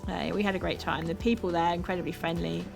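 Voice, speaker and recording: A woman from South London with a South London accent, chatting casually with her viewers while playing a game, upbeat and quick to laugh. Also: on the low side, steady tone, gravelly, a little mellow. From South London, England. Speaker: streamer. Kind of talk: casual chat with live chat while gaming. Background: background music.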